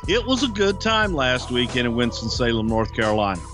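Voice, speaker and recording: With music playing behind him, a man co-hosting a podcast tells stories in a casual chat. His medium-pitched voice is sing-song and fairly quick, folksy and chuckling, full of colorful sayings.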